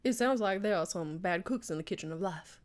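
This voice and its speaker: A woman with a Southern accent voicing a proud older male Southern gentleman chef, talking in an earnest, grandiose way. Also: lowish voice, brisk, natural voice. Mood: warm.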